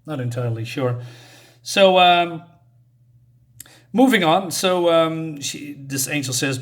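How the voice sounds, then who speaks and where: A man's voice: fairly high pitch, slow, pauses often. A man casually reviewing a comic book, rambling and hesitant, full of fillers and restarts.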